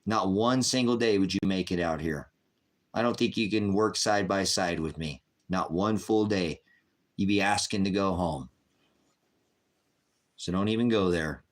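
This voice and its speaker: Speaking unhurriedly with long pauses, a deep-voiced man in his fifties hosts a live chat. He answers trolls combatively, hitting back bluntly with the same retorts again and again.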